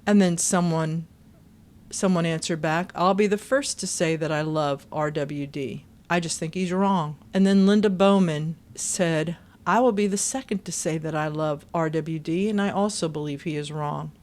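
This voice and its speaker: A woman's voice: low voice, moderate pace, darkish tone. Indignant woman reading with commentary. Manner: indignant, pointed; sings chorus snippets. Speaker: channel host reading forum posts.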